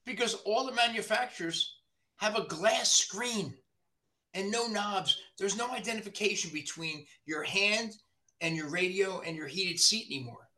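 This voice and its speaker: A man, a body shop owner from the New Jersey area, ranting in casual podcast chat, profane and animated. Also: high voice, normal speed.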